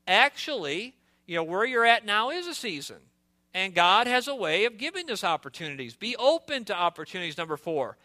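A man preaching a sermon in an earnest, conversational way, asking rhetorical questions of a congregation in a warm indoor hall. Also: high voice, very animated, fairly quick.

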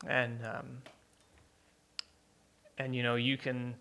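Slow, gravelly-voiced male preacher. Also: mid-range voice, completely flat delivery, bright, forceful tone. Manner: unhurried, plainspoken, with many pauses and restarts. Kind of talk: conversational sermon.

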